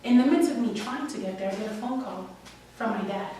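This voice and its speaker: A woman's voice: mid-range voice, animated, a little fast, dark tone, a little hiss or hum. A young woman from New York telling a candid, wry and emotional personal story at a live story slam. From Washington Heights, New York. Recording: echoey room, distant mic, faint ambience.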